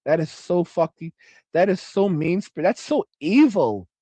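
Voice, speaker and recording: Middle-aged man, livestream host reading chat, high voice, dry close sound, profane rambling delivery. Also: expressive, measured pace, warm tone, no room sound. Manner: rambling, swears a lot, repeats phrases; reads viewer comments aloud.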